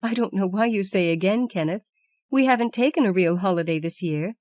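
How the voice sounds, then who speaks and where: A woman's voice: medium pitch, fairly quick, darkish tone, no echo, lightly acted. Woman reading as an anxious, insistent wife. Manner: urgent, coaxing. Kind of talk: audiobook reading.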